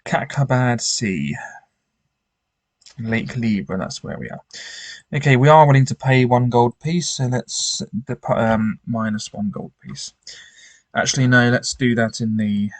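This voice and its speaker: A man's voice: mid-range voice, moderate pace, no room sound. A man reading a gamebook aloud with commentary, often stumbling and restarting his sentences. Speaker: gamebook player.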